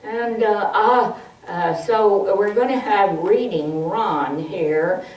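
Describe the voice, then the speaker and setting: A woman presenting a public speaking workshop, slow, humorous and instructive, heard from a distance in an echoey hall. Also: mid-range voice, a little mellow. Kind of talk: public speaking training demo. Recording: distant mic in an echoey hall, faint hiss.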